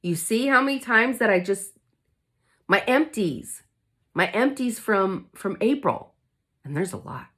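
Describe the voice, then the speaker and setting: A woman's voice: mid-range voice, animated, unhurried, long pauses, fairly bright tone, breathy edge. A woman vlogger talking candidly to her viewers, emotional and determined as she recovers from illness. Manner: candid, emotional, fighting spirit. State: recovering from covid. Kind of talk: casual chat to camera.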